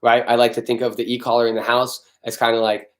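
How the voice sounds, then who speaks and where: A man's voice: mid-range voice, level tone, fast talker. A man hosting a casual live-stream Q&A as a dog trainer, talking bluntly, swearing freely and answering viewers by name.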